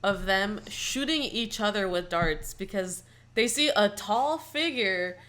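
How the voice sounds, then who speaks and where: Young female podcast co-host, animated and giggly, fills her talk with "like", mid pitch. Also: takes it slowly. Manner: animated, laughs often, frequent "like" fillers. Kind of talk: casual chat reviewing a movie.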